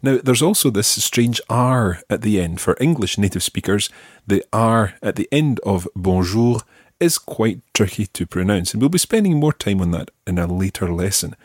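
A Scottish man leads a language lesson in a husky, low voice. He shapes each French word slowly and carefully so it can be repeated back. The sound is dry and close. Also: lively intonation, no echo. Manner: slow, careful modelling of French words for repetition. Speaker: language teacher.

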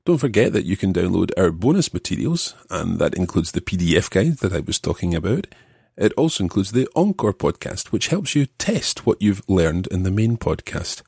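A man's voice: sits low, creaky, a little mellow, breathy edge, dry recording. A man hosting a language podcast, patiently explaining grammar while stuffed up with a cold.

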